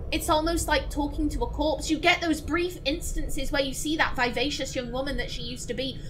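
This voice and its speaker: A woman's voice: sits high, fairly bright tone, a little hiss or hum, low-quality recording. A woman streamer giving casual let's-play commentary, rambling and emphatic with many restarts. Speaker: gaming streamer.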